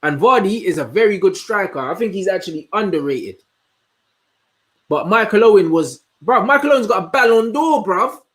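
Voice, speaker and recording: A young man, hosting a casual livestream and chatting in an animated, slangy way as he answers comments. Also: high voice. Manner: slangy, animated, answers chat with quick asides. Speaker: host.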